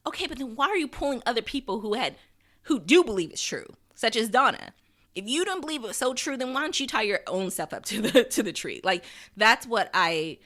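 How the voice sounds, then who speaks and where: Bright-voiced woman with animated, blunt commentary. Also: medium pitch. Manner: animated, blunt, swears, laughs often. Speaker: podcast host recapping a TV episode. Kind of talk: casual recap commentary.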